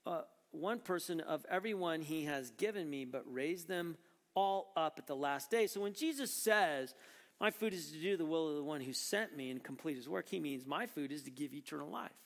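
A man with a high voice preaches to his congregation, shifting from easy conversational explanation to pointed, emphatic questions. His words ring out with a long reverb, as in a large church sanctuary. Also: animated, normal speed, gravelly. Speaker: pastor. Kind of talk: sermon.

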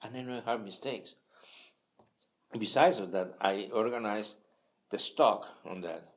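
Older Peruvian man with halting English. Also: on the low side. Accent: Peruvian Spanish. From Peru. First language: Spanish. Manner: halting non-native English with many restarts. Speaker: interviewee. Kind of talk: casual storytelling. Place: home kitchen table.

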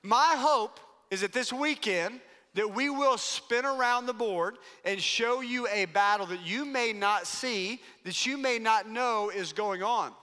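A male pastor preaching from the stage of a large church, his voice high and bright, ringing with long hall reverb. He delivers the sermon with emphatic, playful energy. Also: unhurried.

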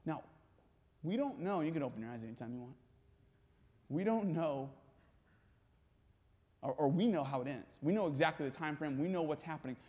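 A man preaching a sermon as pastor, dramatic, swinging from hushed to intense. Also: on the high side, expressive, normal speed, long pauses, lo-fi sound. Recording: long reverb in a hall.

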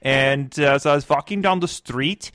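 Rambling halting man, dry close mic. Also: mid-range voice, fairly bright tone, no room sound. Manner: rambling, halting storyteller with many fillers. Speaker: improv guest playing Beethoven's assistant. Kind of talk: improvised comedy podcast bit.

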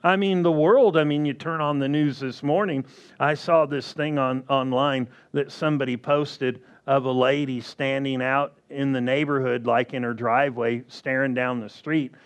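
A man preaching a sermon slowly and emphatically, often asking the congregation questions. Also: mid-range voice, steady tone, smooth.

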